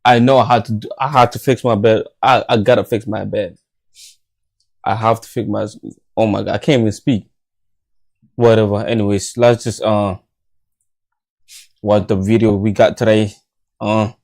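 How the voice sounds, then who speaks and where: A man's voice: fairly low pitch, flat delivery, normal speed, creaky, pauses often, a little mellow. A tired, half-asleep young man hosting a late-night livestream at home, rambling in slangy casual chat. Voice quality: tired, drowsy, mumbling. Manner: slangy, rambling, self-talking. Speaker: livestream host. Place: home bedroom.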